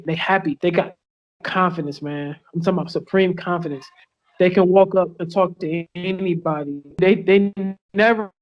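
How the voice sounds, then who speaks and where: A man with a notably high-pitched voice speaks as a fighter guest on a podcast. He rambles, swears freely and restarts his sentences often, full of fillers. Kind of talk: casual podcast interview. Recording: online call with lag.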